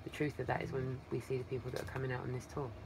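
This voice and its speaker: Husky low-voiced Englishwoman on a noisy phone stream. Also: monotone, rapid-fire. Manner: rambling, affectionate, calls viewers darling. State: voice tired from talking. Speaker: livestream host. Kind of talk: casual livestream chat. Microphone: phone placed at a distance.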